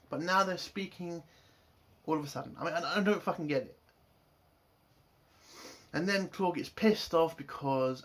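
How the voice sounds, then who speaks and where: A man's voice: fairly high pitch, fairly bright tone. A man giving a casual episode review, frustrated and swearing, building into exasperated outbursts. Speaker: show reviewer.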